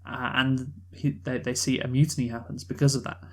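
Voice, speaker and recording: A man chatting through a film review at a middling pitch, rambling and restarting his sentences. He fills gaps with ums and uhs and drops casual swears. The delivery is loose and unscripted. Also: level tone, a little fast. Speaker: podcast co-host reviewing a film. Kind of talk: casual chat.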